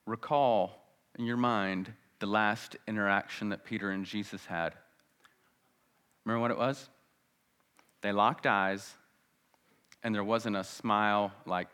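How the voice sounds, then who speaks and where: Man preaching with dramatic loud-soft swings. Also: fairly low pitch, fairly even intonation, measured pace, long pauses, smooth. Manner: sarcastic, then dramatic with wide swings between loud and hushed. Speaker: pastor. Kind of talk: sermon.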